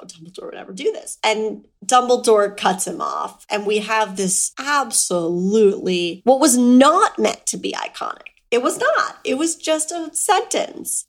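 A woman co-hosting a casual book discussion podcast, playful and chatty, laughing often as she talks. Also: on the high side. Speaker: podcast co-host.

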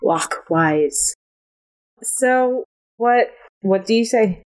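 A woman game master narrating a tabletop game. She talks slowly and hesitantly, with many pauses and fillers. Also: on the high side, expressive.

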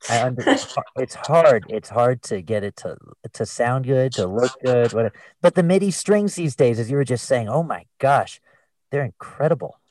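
A man's voice: mid-range voice, expressive, normal speed, a little mellow, distant mic, rough recording. A man hosting a casual interview and teaching music, friendly, with brief affirmations. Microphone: video call.

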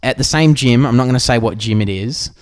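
A mid-range male voice with an Australian accent, speaking a little fast. He co-hosts a podcast, telling stories animatedly in casual chat and swearing freely.

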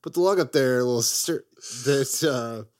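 A man's voice: medium pitch, normal speed. A man co-hosting a casual podcast, talking about films with enthusiasm, rambling and swearing casually. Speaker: podcast co-host. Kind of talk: casual movie chat.

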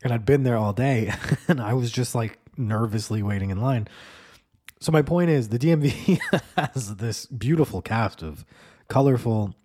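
A man's voice: medium pitch, normal speed, mellow, breathy edge. A man hosting a podcast, rambling through a casual monologue with lots of fillers and swearing. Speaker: podcast host.

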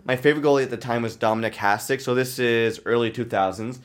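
A man's voice: medium pitch, fairly even intonation, fast talker. A man in his thirties hosting a podcast, telling rambling, self-mocking stories in casual chat. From Canada. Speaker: podcast host.

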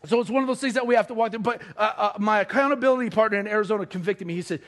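High-voiced animated male pastor. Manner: animated, self-deprecating humor, quick asides. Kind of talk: sermon with storytelling.

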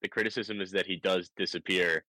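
A man co-hosting a casual sports podcast, weighing his points in a measured, wry way. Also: low voice, steady tone, sharp tone, dry recording, poor audio. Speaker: podcast co-host.

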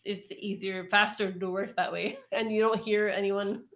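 A woman's voice: medium pitch, flat delivery, moderate pace, fairly bright tone. A woman telling a work story in casual chat, rambling with lots of ums and likes and acting out what people said. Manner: rambling, full of ums and likes, acts out quotes. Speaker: podcast storyteller.

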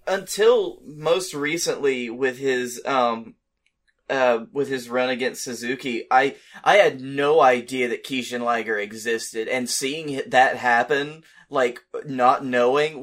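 Guy with a bright punchy voice, kinda halting, lots of ums on a podcast. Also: medium pitch. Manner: hesitant, halting, with many fillers and restarts. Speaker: podcast co-host. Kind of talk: casual wrestling chat.

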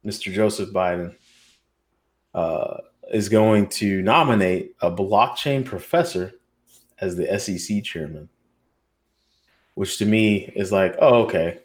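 Joking, swearing low-voiced podcast man. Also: takes it slowly, long pauses. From United States. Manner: loose, profane, joking and rambling. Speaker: podcast co-host. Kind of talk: casual roundtable chat.

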